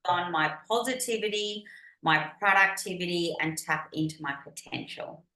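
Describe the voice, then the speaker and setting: A woman's voice: lowish voice, moderate pace, sharp tone, reverberant. A woman with an Australian accent, a business coach guest on a podcast, talking in an upbeat, grateful, chatty way over a video call. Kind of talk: casual interview chat.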